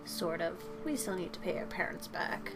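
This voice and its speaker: With music playing behind her, a young woman hosting her channel talks casually while drawing at home, tired after work and rambling with self-deprecating jokes. Her voice sits fairly low, with lively intonation and a moderate pace.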